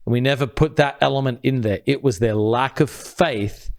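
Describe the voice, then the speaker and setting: A man co-hosting a talk show, explaining a Bible passage in an earnest, step-by-step teaching style, and dropping quiet and low when he quotes scripture. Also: normal speed. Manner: earnest, builds points step by step. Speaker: podcast co-host.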